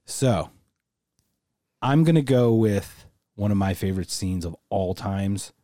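Animated man chatting on a podcast. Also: fairly low pitch, slow pace, no room sound, clean studio sound. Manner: animated, laughs often, slips into silly voices. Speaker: podcast co-host. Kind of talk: casual chat.

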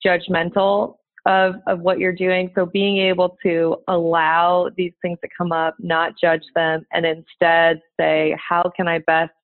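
A woman's voice: lowish voice, little pitch movement, unhurried, few pauses, no echo. Woman coaching over a tinny line. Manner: encouraging, earnest advice-giving. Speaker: dating coach, podcast guest. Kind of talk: conversational interview. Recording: tinny phone-like line, dry.

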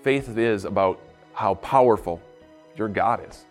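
A male pastor giving a devotional podcast talk, telling the story in an animated way and acting out quotes. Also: measured pace, faint music behind. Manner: animated storytelling, acts out quotes with big pitch jumps.

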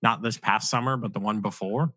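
A man's voice: on the low side, fairly even intonation, a little fast, fairly bright tone, breathy edge, no room sound. A man hosting a podcast, joking around in loose casual banter with his co-host. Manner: joking, loose, swears freely.

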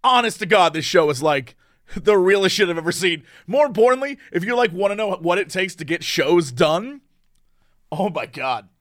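A man with a high, eager voice rambles through a casual podcast chat and laughs often. The sound is close and dry, with no room around it. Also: animated, normal speed, a bit bright, no room sound. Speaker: podcast co-host.

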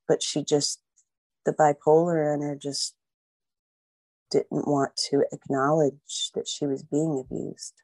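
A woman's voice: low-pitched, warm tone, no echo. A middle-aged American woman with an American accent, rambling in an emotional interview as a guest, acting out quoted voices and filling with "like" and "you know.". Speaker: mother of a missing girl, guest.

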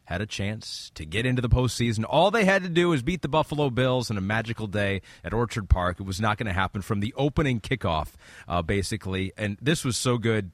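A man's voice: lowish voice, animated, a little fast, no echo, studio quality. A man hosting a sports talk show, steering the segments in a rambling way.

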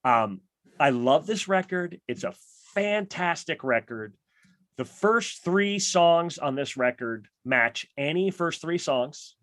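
A man hosting a podcast, telling music stories in an enthusiastic, animated way and often acting out quotes. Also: fairly high pitch, slow, no room sound. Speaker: podcast host. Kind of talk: casual music chat.

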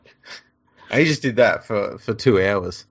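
A man's voice: on the low side, lively intonation, normal speed, no echo, dull audio. An Australian man co-hosting a podcast, bantering dryly and sarcastically, often laughing. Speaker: podcast co-host. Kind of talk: casual banter.

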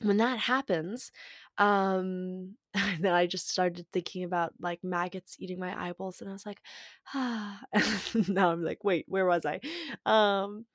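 A woman's voice: medium pitch, fairly even intonation, measured pace, no room sound, studio quality. A woman talking casually about spirituality, playful and irreverent, swearing freely and laughing often.

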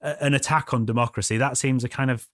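A man's voice: medium pitch, fairly even intonation, quick pace, dry recording, studio quality. A man hosting a casual podcast chat, wry and jokey, steering the talk along. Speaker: podcast host.

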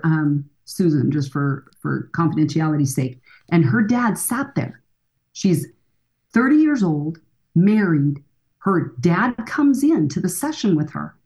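A woman's voice: lowish voice, dark tone. A woman in her sixties, a counselor and author, speaking earnestly and emphatically as a guest in a podcast interview. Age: 60s.

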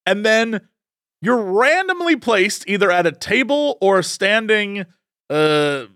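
A man's voice: high voice, takes it slowly, no room sound, studio quality. A man co-hosting a podcast, chatting casually and telling a story with lots of acted-out quotes. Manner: animated storyteller, acts out quoted voices. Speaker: podcast co-host. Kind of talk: casual chat.

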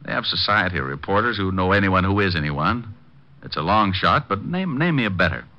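An actor playing a wisecracking male private detective in a 1940s radio drama, breezy and quick with a comeback. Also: low voice, sing-song. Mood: wry. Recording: muffled old radio broadcast.

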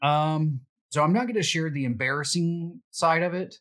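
A middle-aged man telling security anecdotes in a relaxed, self-deprecating way, with plenty of fillers. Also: fairly high pitch, normal speed. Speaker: security guest. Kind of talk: casual storytelling.

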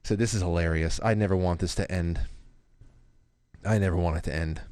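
A man in his thirties hosting a casual live show, reading viewer comments aloud in an animated way. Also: brisk, no echo. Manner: animated, puts on a high child's voice when quoting his daughter. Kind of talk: casual live-stream chat.

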